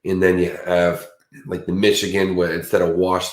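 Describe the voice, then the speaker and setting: A man's voice: deep voice, level tone, moderate pace, echoey room. A man hosting a livestream in casual, rambling chat, chatty and self-mocking. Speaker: livestream host.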